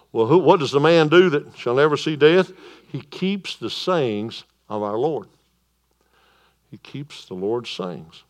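A man preaching a sermon in a church, moving between loud proclamation and quiet calm. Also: medium pitch, measured pace. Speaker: pastor.

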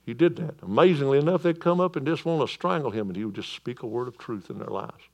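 A man preaching a sermon in a church, moving between loud proclamation and quiet calm. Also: medium pitch, quick pace, gravelly. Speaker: pastor.

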